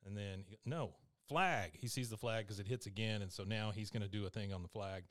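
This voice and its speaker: A man's voice: fairly low pitch, little pitch movement, quick pace, dry recording, studio quality. A man co-hosting a casual podcast, retelling a cartoon episode scene by scene and quoting the characters. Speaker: podcast co-host.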